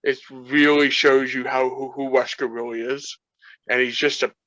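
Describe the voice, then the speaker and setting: A man's voice: mid-range voice, moderate pace, no echo, muffled recording. A man co-hosting a casual film discussion, with talk that rambles and doubles back on itself. He sounds eager and fannish. The recording is dry, with little room sound. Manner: rambling, restarts often, excited game fan. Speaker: co-host. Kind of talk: casual chat.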